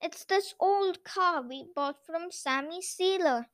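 Woman putting on a mumbly sorry goblin, high voice, slow. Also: a bit bright, exaggerated voice. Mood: sheepish. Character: sly apologetic male goblin.

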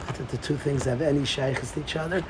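A middle-aged man giving an informal Torah talk to a group, excitable and repetitive, often restarting his sentences. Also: mid-range voice, fast, noisy background. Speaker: Torah teacher.

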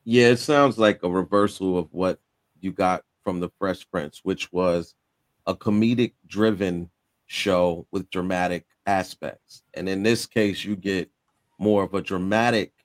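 Very deep-voiced man, dry close sound. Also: fairly even intonation, measured pace, dry recording. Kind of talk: casual discussion.

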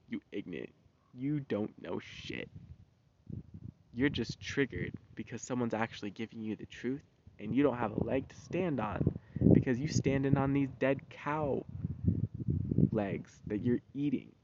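A man's voice: mid-range voice, a little slow, background noise. A man ranting in a casual monologue, heated and slangy, swearing freely. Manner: profane, heated, loose and slangy. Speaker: vlogger. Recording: dull lo-fi recording.

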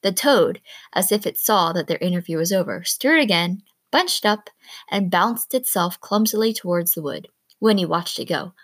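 A woman reading a novel aloud in a calm, steady storytelling manner. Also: fairly low pitch, moderate pace, no echo. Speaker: reader.

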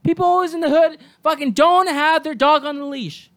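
A podcast host in a solo episode, ranting angrily and swearing constantly, sometimes breaking into shouts. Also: sits high, steady tone, moderate pace. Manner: angry, profane ranting with shouted bursts.

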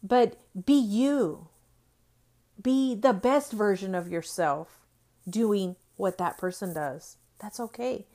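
A woman in her forties speaks slowly in a mellow, mid-range voice. As a Christian speaker, she gives an earnest faith-based motivational talk, repeating phrases and frequently tagging on "right?"

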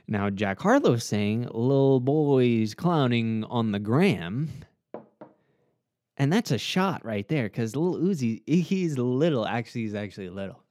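A man riffs on a song in a relaxed, unhurried way, breaking into laughter and mock voices. His voice sits at an ordinary pitch and sounds close and dry, with no room around it. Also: smooth, no room sound. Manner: joking, laughs often, mock quotes in a raised voice. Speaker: host reacting to a music track. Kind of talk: casual reaction commentary.

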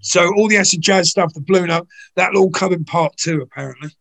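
An older man, a guest in an interview, telling anecdotes in a chatty way full of "you know"s, with a gravelly, husky voice. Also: sits high, a little fast, fairly bright tone. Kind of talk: conversational storytelling.

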